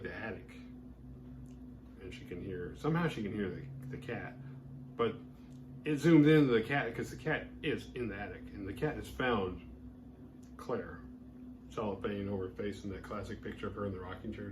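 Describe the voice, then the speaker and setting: A man with a medium-pitched voice hosts a horror movie review show, recapping a film casually and rambling, packing his speech with "like" and other fillers. Background noise can be heard.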